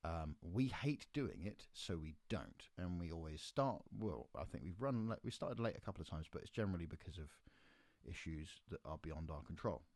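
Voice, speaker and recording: A man hosting his own podcast, telling a tour anecdote in a casual, animated way and acting out the people he quotes. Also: sits low, normal speed, no echo. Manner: animated teller, acts out quoted voices. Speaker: podcast host and musician.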